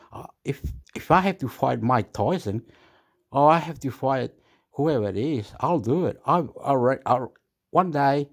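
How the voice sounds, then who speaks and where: A man's voice: mid-range voice, gravelly, a little mellow. A man rambling in a casual vlog monologue, repeating himself and jumping between thoughts. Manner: repetitive, rambling, erratic. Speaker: YouTube vlogger. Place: Australia.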